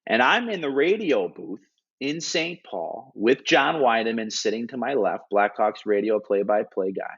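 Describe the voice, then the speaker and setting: A hockey analyst in an interview, retelling a story earnestly and animatedly, with frequent restarts and filler words. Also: male voice, medium pitch, lively intonation, measured pace, creaky, a bit bright, slightly rough. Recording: dull lo-fi audio.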